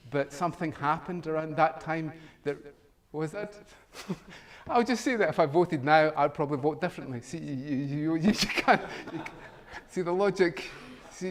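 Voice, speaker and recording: A middle-aged man, a professor, giving a humorous meetup talk, chuckling often and acting out both sides of a conversation. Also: on the high side. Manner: jokey storytelling, chuckles often, acts out dialogue. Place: meetup venue room.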